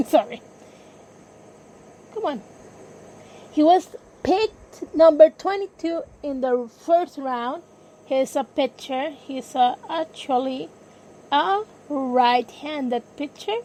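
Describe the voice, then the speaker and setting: Female podcast host, high voice, unhurried, hesitant, self-correcting, faint background noise. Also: mellow, rough recording. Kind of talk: casual sports podcast talk.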